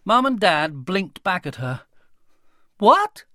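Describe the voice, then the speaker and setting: A man reading a children's audiobook in an expressive, playful storytelling manner. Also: fairly high pitch, measured pace, slightly rough, dry recording, studio quality. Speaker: audiobook narrator.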